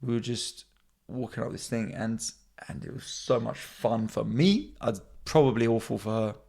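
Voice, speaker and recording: A young comedian with a gravelly edge to his middle-pitched voice, rattling off stories from his own life. He keeps it casual and animated, and his voice shoots up high whenever he imitates the people in his stories. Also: moderate pace. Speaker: comedian and podcast host. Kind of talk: casual storytelling monologue.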